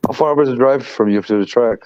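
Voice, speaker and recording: A man's voice: mid-range voice, fast talker, darkish tone. A man hosting a livestream, chatting casually and asking laid-back questions. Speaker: livestream host. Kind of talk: casual chat. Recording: dry, dull lo-fi mic.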